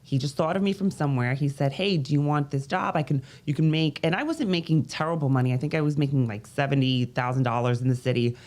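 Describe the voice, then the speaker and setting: A business coach from Brooklyn, New York, tells her life story candidly as an interview guest, restarting sentences and breaking off to voice other people in a raised pitch. She talks fast with hardly any pauses, her voice a little mellow.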